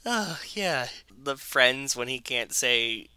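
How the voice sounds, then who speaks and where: A man's voice: mid-range voice, lively intonation, takes it slowly, few pauses, sharp tone, smooth, dry recording. A man co-hosting a podcast, chatting loosely and jokingly with lots of filler. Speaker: podcast co-host. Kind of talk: casual chat.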